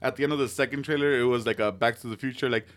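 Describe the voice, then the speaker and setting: A man's voice: medium pitch, fairly even intonation, rapid-fire, fairly bright tone. A man in casual podcast chat, rambling with lots of fillers. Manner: rambling, filler-heavy, laughs often.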